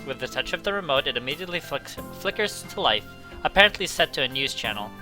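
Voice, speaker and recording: Bright-voiced man reading a game aloud. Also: fairly high pitch, animated, fast talker, soft background music, poor audio. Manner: casual, jokey asides with swearing. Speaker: let's play host. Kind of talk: reading visual novel narration aloud.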